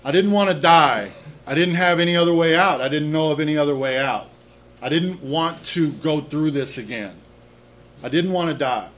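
In this personal testimony talk, a middle-aged man shares his recovery story at normal speed in a slightly bright, highish voice. He's candid and pokes fun at himself, often repeating words when starting a thought. The recording is rough.

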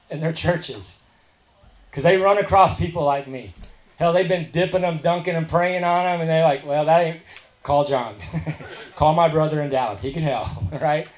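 Middle-aged guy telling his story at a meeting, bit high voice, echoey hall. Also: normal speed. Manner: storytelling, quoting others in a softer, lower voice. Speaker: speaker sharing his recovery story. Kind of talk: recovery meeting talk.

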